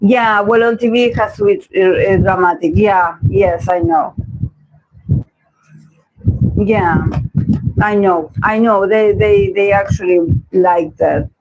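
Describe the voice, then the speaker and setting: Husky high-voiced Argentine tarot reader. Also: male voice, fairly even intonation, slow, pauses often, phone-quality sound. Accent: Argentine Spanish. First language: Spanish. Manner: opinionated, rambling commentary. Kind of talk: casual livestream chat.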